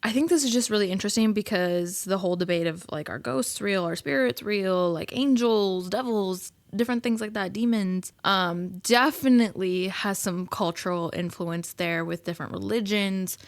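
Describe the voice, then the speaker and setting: A woman's voice: medium pitch, normal speed, hardly any pauses, dry recording. Giggly chatty woman podcast host. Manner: chatty, giggly, full of fillers. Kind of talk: casual solo podcast chat.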